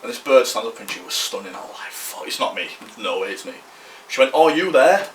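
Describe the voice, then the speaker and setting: A man's voice: low-pitched, quick pace, bright, forceful tone, echoey room, distant mic, a little hiss or hum. A man, telling a rambling story on a podcast, slangy and swearing freely. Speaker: podcast co-host. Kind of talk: casual storytelling.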